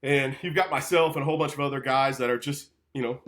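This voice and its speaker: A man, the guest on a podcast interview, telling a personal story in a lively, casual way and acting out quotes. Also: medium pitch, fast. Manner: animated storyteller, acting out quotes, frequent "right?" and "like".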